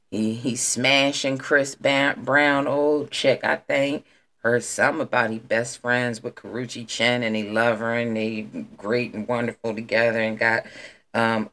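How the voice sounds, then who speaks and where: A woman hosting a podcast in a casual, rambling monologue, slangy and playful with her emphasis. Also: low voice. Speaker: podcast host.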